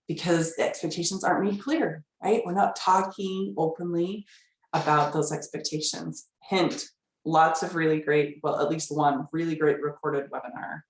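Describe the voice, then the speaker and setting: A woman's voice: low-pitched, roomy sound, low-quality recording. A middle-aged woman relationship coach giving a workshop talk, telling a candid personal story with plenty of fillers. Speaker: family life coach.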